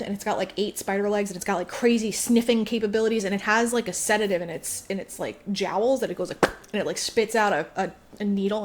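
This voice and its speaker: Woman podcast co-host, casual and profane, animated storyteller, mid-pitched. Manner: chatty, swearing, acts out characters' lines with big jumps in pitch. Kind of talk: casual chat, retelling a book plot.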